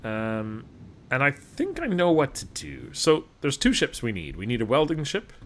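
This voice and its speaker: A man's voice: mid-range voice, wildly swooping pitch, moderate pace. A man from Alberta giving casual, rambling, self-deprecating commentary over a video game as host of his channel. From Alberta, Canada.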